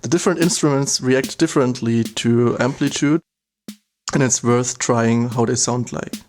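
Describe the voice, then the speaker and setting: A man explaining gear step by step in a calm, methodical voice of middling pitch. He narrates an instructional demo while drum machine sounds play faintly underneath. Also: normal speed, soft background music. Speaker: product demonstrator.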